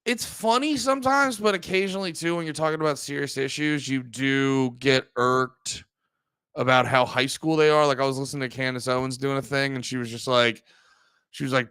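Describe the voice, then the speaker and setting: A young man, hosting a livestream and rambling through loud, profane casual commentary. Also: mid-range voice, moderate pace, clear, resonant tone, no echo. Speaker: livestream host.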